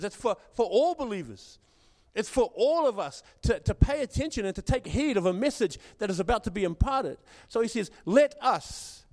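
A man's voice: high voice, a little mellow. Guy pastor giving a sermon, stumbles over repeated words, church hall echo ringing on and on. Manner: repeats words, acts out quoted voices. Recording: long hall reverb.

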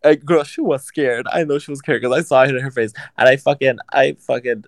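A man in casual chat, telling a story in an animated, profane and sassy way. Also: medium pitch, fairly quick, dry recording.

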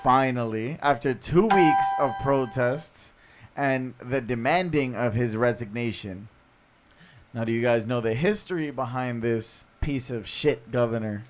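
A man's voice: mid-range voice, unhurried, faint music behind. A man co-hosting a casual podcast, laid-back, trailing off and restarting as he explains a news story. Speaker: podcast co-host. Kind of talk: casual chat.

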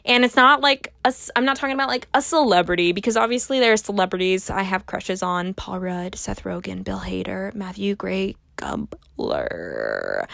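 A woman's voice: medium pitch, very animated, normal speed, vocal fry, fairly bright tone, dry recording, clean studio sound. A woman in her twenties hosting a casual solo podcast, rambling and self-mocking, swearing offhand and stumbling over her words. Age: 20s. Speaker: podcast host.

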